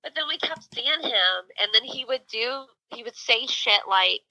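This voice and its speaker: Bright-voiced chatty woman. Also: fairly high pitch, moderate pace, hardly any pauses, no echo, poor audio. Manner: animated storytelling, many fillers. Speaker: podcast co-host. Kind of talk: casual chat.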